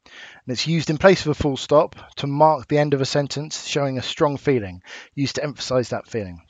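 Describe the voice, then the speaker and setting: English guy teaching a recorded lesson, mid pitch, patient, kinda muffled dry audio. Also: dry recording. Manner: clear, patient explaining with fillers. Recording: dull dry home recording.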